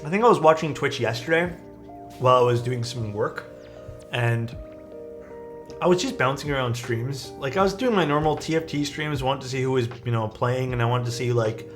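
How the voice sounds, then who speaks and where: A man's voice: mid-range voice, normal speed, faint music behind. A young man chatting casually with his live-stream chat while building a keyboard, laid-back and self-deprecating, reading messages aloud.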